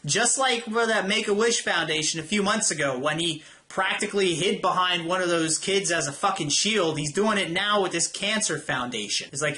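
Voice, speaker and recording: A man's voice: high-pitched, moderate pace, few pauses, sharp tone. A young man giving a profane, exasperated review of a wrestling show, talking bluntly and casually. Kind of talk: ranting weekly show review.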